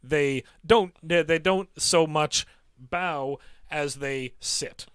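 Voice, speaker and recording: A male game master narrates a fantasy scene for his players. His tone is bright and forward, and the sound is close and dry. He stops and restarts often, filling the gaps with ums. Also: fairly high pitch, smooth, dry recording. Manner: halting narration with frequent fillers and restarts. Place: online game stream.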